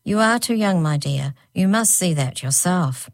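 A woman reading a gentle, soft-voiced queen and mother in a storybook. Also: mid-range voice, expressive, moderate pace, no room sound, pitched above the performer's own voice, natural voice.

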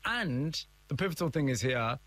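A man interviewing a guest with probing questions and narrating between them in a measured way. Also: mid-range voice, animated, a bit bright, faint music behind.

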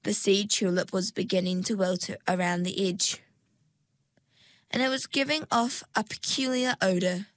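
A woman narrating a storybook in a measured, scripted reading. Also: medium pitch, fairly even intonation, fairly bright tone, no echo.

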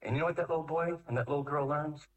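A man talking about raising kids, recorded from some distance from the mic. He keeps acting out little scenes, pitching up into exasperated scolding and dropping into slow, deep, calm commands. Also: dull audio. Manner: acts out parents and kids, swings between loud scolding and slow deep calm. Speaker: speaker on parenting. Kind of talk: animated talk with acted-out voices.

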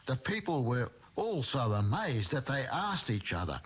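A man preaching a sermon, retelling scripture in a slow, emphatic storytelling way. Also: mid-range voice, very animated, husky.

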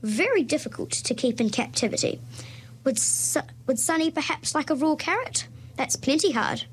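A booming, jolly uncle, chatty and welcoming, who loves to explain things, read aloud by a woman from a children's novel. The voice is pitched a little above the reader's own. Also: lively intonation, moderate pace, low-quality recording. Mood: cheerful. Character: jolly, hearty middle-aged man who loves snakes.

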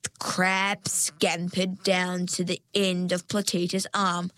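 A woman reading a children's storybook aloud in a calm, measured way. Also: fairly low pitch, no echo. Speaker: reader. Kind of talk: storybook narration.

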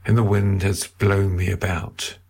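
A yearning young woman, intense and emotional, voiced by a man reading. The voice is lifted a little above his deep, gravelly one and stays husky. It is a storybook reading. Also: level tone, a little slow, a little mellow, full character voice. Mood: quiet.

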